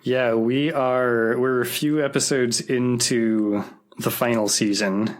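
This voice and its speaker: A man's voice: medium pitch, steady tone, slow. A man co-hosting a podcast, talking in a laid-back, rambling way with an easy laugh. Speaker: podcast co-host. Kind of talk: casual chat.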